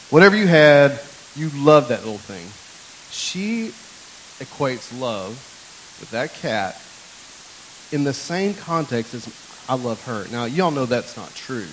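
Chatty joking pastor preaching a sermon. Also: male voice, mid-range voice, a little hiss or hum, low-quality recording. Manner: chatty, joking storyteller who talks to the congregation. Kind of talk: conversational sermon. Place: church.

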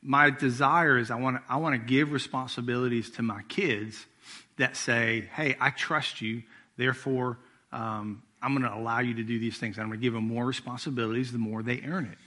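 A man's voice: mid-range voice, a bit bright, husky. A middle-aged man preaching a sermon as executive pastor, telling family stories in a casual, conversational way. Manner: storytelling with acted-out quotes, conversational.

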